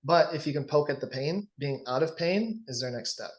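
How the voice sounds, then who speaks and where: Animated male sales coach. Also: on the high side, brisk. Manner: animated, acts out sales dialogues. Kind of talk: casual coaching session.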